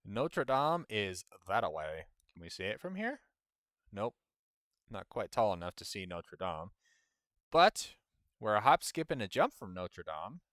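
Bright, crisp-voiced man streaming. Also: fairly low pitch, very animated, measured pace, no room sound, clean studio sound. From United States. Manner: grumbling at the game, self-mocking, laughs often. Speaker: game streamer. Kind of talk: casual gameplay commentary.

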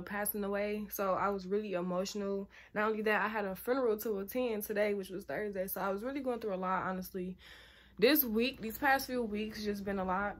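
Rambling, slangy young woman vlogger. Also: medium pitch. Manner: rambling, slangy, swears freely, talks straight to viewers. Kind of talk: casual vlog talk to camera.

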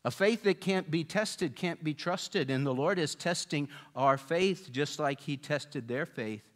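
Man preaching a storytelling sermon. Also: unhurried. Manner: storytelling, voicing quoted people with rising pitch and volume. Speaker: pastor.

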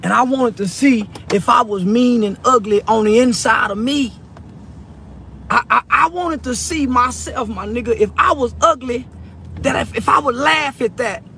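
A man's voice: very high-pitched, moderate pace, vocal fry, pushed and bright, slight background noise. A tearful man speaking straight to camera in an emotional monologue, stammering through repeated words and pleading from the heart. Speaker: online personality addressing a peer.

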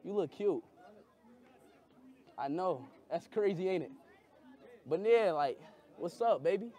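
A young man chatting excitedly on a vlog, his voice sitting very high and swooping up and down with lively energy. He talks loud, bursts into shouts, and keeps the energy wild throughout. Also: slow, some chatter behind. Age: young adult. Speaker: streamer.

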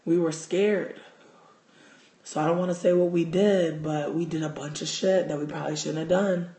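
A man telling a wild story to his livestream in a casual, profane, animated way, recorded on a phone at home. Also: on the high side, moderate pace. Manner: animated, profane, gets loud and excited in the telling. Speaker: livestream host. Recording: roomy echo.

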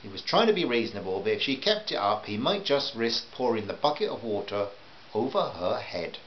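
A man's voice: fairly low pitch, very animated, brisk. A man reading a humorous short story aloud in a dry, wry manner. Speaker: narrator. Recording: dull lo-fi home recording with hiss.

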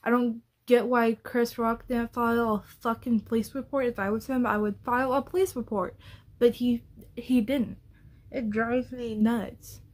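A woman's voice: a little high, fairly even intonation, normal speed. A woman YouTuber ranting bluntly and profanely in a casual vlog.

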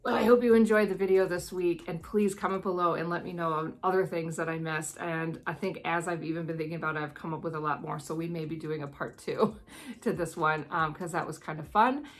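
Chatty American woman, low voice. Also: brisk. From United States. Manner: chatty, rambling, laughs often. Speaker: vlogger. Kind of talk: casual advice vlog.

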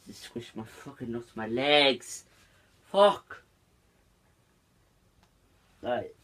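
A man's voice: medium pitch, steady tone, a little slow, bright, forceful tone. A young man chatting casually for a vlog, rambling and swearing often. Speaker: YouTuber.

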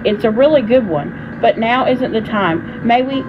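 A woman's voice: a little high, lively intonation, normal speed, voice pushed up, natural voice. Woman reading a chatty boy hero, eager, friendly, dull lo-fi sound, air conditioner hum.

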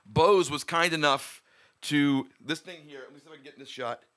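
A man's voice: a little high, brisk, a bit bright. A man hosting his own music live stream from a home room, chatting casually and rambling as he greets viewers by name.

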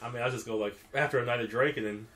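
A man telling stories in casual chat over a game, animated, laughing often and swearing casually. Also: mid-range voice, very fast.

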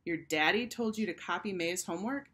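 Stern male schoolteacher, read by a woman, measured and probing; children's storybook. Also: fairly low pitch, sharp tone. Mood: serious. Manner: measured, pointed questions. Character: stern but patient male first-grade teacher.

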